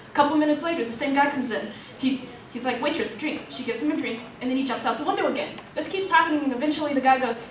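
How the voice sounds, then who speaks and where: A woman contestant telling a long joke to an audience, animated and acting out each character's lines. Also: high-pitched, quick pace. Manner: animated, acts out the dialogue. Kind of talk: storytelling a joke. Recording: echoey hall, distant mic.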